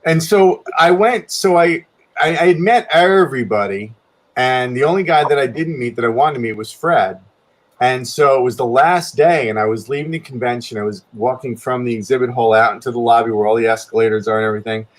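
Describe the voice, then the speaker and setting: A man casually telling a long story with many restarts, his voice jumping up when he quotes himself. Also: fairly quick. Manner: rambling, many restarts, pitch jumps up when quoting himself. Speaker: guest artist telling a story.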